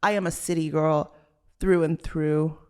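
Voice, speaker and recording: A woman's voice: deep voice, steady tone, a little slow, mellow, clear, resonant tone. A young woman from Los Angeles hosting a casual solo podcast, chatty and loose, with lots of "like" fillers. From Los Angeles, Southern California. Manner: chatty, valley-girl style with many "like" fillers. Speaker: podcast host.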